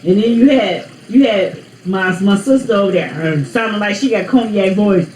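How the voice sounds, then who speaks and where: A woman's voice: medium pitch, normal speed, few pauses, a little mellow, reverberant, a little hiss or hum, poor audio. A woman hosting her own vlog, chatting to viewers in a playful, rambling, teasing way. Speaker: vlog host. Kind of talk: casual chat to viewers.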